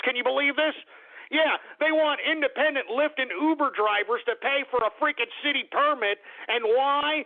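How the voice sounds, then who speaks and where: A man from Texas, hosting a talk radio show in a combative, ranting manner. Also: extremely high pitch. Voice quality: combative, ranting, calls listeners "boy". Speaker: radio host. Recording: tinny phone-like audio.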